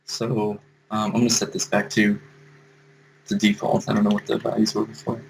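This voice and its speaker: A man's voice: lowish voice, completely flat delivery, moderate pace, gravelly, slight background noise, low-quality recording. A man giving a casual screen-share compositing tutorial, thinking aloud as he explains each step. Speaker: compositing instructor.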